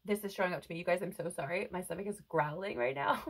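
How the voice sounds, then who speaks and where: A woman's voice: lowish voice, animated, fast talker, creaky, husky, poor audio. A woman giving a spiritual tarot reading to her viewers, earnest and reassuring, often checking in with "right?". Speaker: tarot reader. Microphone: headphones on, close mic.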